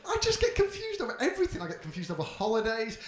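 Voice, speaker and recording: A man's voice: extremely high pitch, rapid-fire, crowd noise. A man doing a stand-up comedy routine on a club stage, brash and swearing as he tells his stories. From Britain. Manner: brash, swearing, animated storytelling. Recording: roomy club echo.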